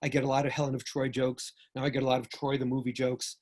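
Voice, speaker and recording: An older man from New York with a New York accent, giving a joking, animated talk with sudden jumps in loudness. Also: medium pitch, fast. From United States. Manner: animated storyteller, jokey, swings between loud and soft. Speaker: speaker. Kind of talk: lecture talk.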